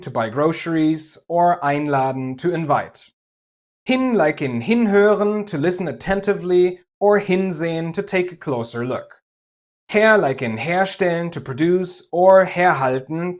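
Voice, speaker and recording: A man from Germany with a German accent, giving a clear, methodical language lesson with light humor. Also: a little high. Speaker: language teacher. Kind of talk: scripted explanatory lesson.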